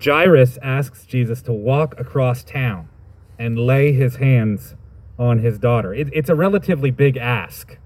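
A man's voice: medium pitch, unhurried, a little mellow. A man preaching a sermon, reading scripture and reflecting on it in a thoughtful, conversational way with informal asides.

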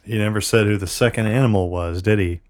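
A man's voice: on the low side, steady tone, fast talker. A man co-hosting a podcast, chatting casually and adding wry, swearing comments. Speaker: podcast co-host. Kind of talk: casual chat.

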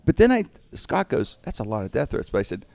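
A man spins animated anecdotes from his broadcasting days, slipping into other people's voices as he goes. His voice sits low and mellow. The sound is dry and close. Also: brisk, gravelly, no echo. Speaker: radio broadcaster telling stories. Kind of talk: casual storytelling on a podcast.

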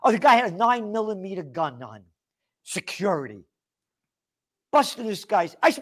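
A man's voice: sits high, big pitch swings, moderate pace, long pauses. A man hosting a political talk show, rambling and indignant, with many restarts and fillers. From United States. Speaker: host.

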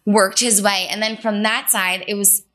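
A young woman co-hosting a casual podcast, her voice bright and clear. She tells her stories with animated energy and jumps into the voices of her past panicked self. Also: mid-range voice, normal speed. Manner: animated storyteller, acts out her own panic. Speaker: podcast co-host. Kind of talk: casual chat.

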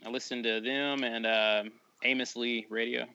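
Teasing bright-voiced podcast co-host. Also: male voice, mid-range voice, fairly even intonation, normal speed, highs cut off. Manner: teasing, laughs often. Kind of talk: casual chat.

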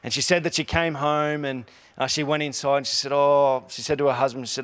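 A man preaching a conversational sermon, telling stories in a relaxed way with frequent restarts, and slowing down to stress key lines. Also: mid-range voice, smooth. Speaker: pastor.

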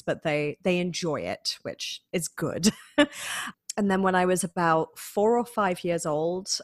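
Northern English woman, lowish voice. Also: dry recording, clean studio sound. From Manchester, England. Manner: lively storyteller, laughs often, acts out quotes. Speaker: guest harpist. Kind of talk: casual interview chat.

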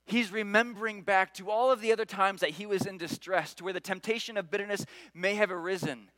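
A man's voice: high voice, steady tone, a little fast, fairly bright tone, no room sound, low-quality recording. A man preaching a sermon, earnest, repeating key phrases and rising when he voices prayers. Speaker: pastor.

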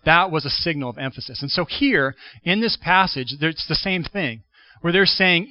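Guy preaching a sermon, kinda high voice, chatty and thinking out loud, dry muffled sound. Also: expressive, no echo. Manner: conversational, thinks aloud with restarts and quick asides. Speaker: pastor. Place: church sanctuary.

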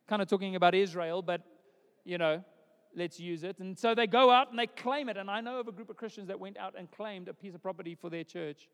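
A man's voice: high voice, brisk, long reverb tail. A pastor preaching a sermon in a conversational way, repeating words as he builds each point.

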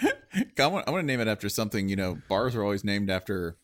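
A man's voice: on the low side, quick pace. A man co-hosting a podcast in casual chat, joking and riffing on silly ideas. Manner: joking, animated, jumps into silly bits. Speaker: podcast co-host.

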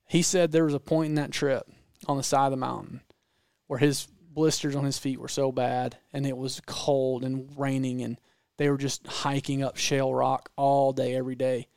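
A man with a Southern American accent telling stories in casual podcast chat, animated and rambling with frequent restarts. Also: mid-range voice, normal speed, gravelly, clear, resonant tone, no room sound, clean studio sound. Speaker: podcast guest storyteller.

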